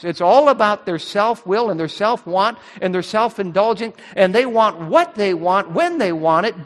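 A man's voice: sits high, long reverb tail. A man preaching a sermon as pastor, emphatic and rising on key words.

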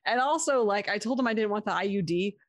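A woman's voice: mid-range voice, fast talker, no room sound, studio quality. A young woman telling a story in casual chat, laughing often and acting out the people in it. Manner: animated, laughing, quotes others in her story.

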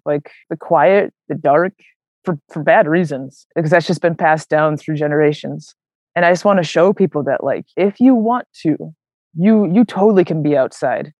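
A young adult woman telling a hiking story as an interview guest, animated and casual, full of "like" and "man". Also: fairly low pitch, dry recording. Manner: animated, many fillers like "like" and "man", acts out quoted voices. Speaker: interview guest, long-distance hiker.

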